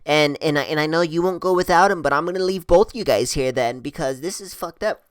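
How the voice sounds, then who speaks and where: A man's voice: fairly high pitch, fairly quick, no echo, clean studio sound, pitched above the performer's own voice, natural voice. A man quoting an angry, drunk young woman driver in a slightly raised, indignant voice. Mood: outraged.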